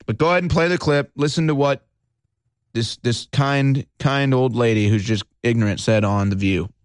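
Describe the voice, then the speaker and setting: A male talk show host delivering a heated, agitated monologue, swinging between low intensity and shouting. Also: moderate pace, clear, resonant tone, no room sound, studio quality.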